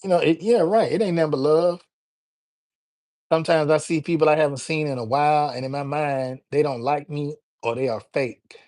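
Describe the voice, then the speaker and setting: A man talks loosely to his livestream audience, his voice sitting a little higher than most men's. He keeps it easygoing and full of slang, calling out viewers by name as he goes. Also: fairly even intonation, moderate pace, darkish tone. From Alabama, USA. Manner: laid-back and slangy, greeting viewers by name. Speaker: livestream host. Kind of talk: casual livestream chat.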